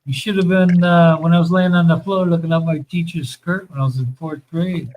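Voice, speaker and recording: A man's voice: a little high, fairly even intonation, a little fast, dull audio, a little hiss or hum. A man telling rambling, profane stories about his school days in a casual chat, laughing as he goes.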